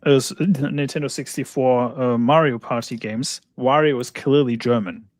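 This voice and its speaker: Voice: medium pitch, steady tone, moderate pace, darkish tone, dry recording. A guest panelist chats on a live stream, joking around and drifting into trivia. The voice sits in a middle register and is recorded dry, with no room sound. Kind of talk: casual chat on a live stream.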